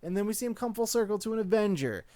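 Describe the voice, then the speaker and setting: Young man, casual movie review, excitable and gushing, slightly high voice, dry sound. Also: racing, no room sound. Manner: excitable, gushing, fillers like "like" and "dude".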